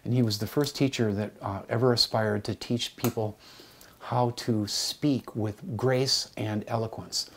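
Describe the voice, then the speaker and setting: A middle-aged man, a college teacher, telling stories in a lively, joking lecture, with hammy voiced asides. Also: lowish voice, unhurried, breathy edge. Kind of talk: storytelling lecture.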